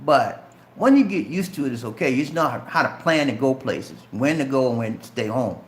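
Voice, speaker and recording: A man's voice: medium pitch, expressive, a little fast. Chatty Southern man in an echoey room. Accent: Southern US, light Geechee. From Charleston, South Carolina. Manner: chatty, addresses viewers directly as man and bro. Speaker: channel host answering viewer questions. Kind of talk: casual live-stream Q&A.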